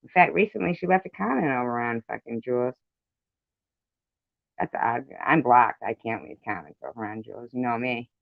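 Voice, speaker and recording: A man's voice: medium pitch, normal speed, creaky, no room sound. A man delivering an angry, profane commentary rant, indignant and repetitive, on a dull lo-fi recording. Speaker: commentary vlogger. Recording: dull lo-fi sound.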